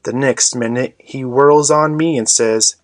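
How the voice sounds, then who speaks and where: A man narrating an audiobook in a measured storytelling manner. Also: mid-range voice, dry recording.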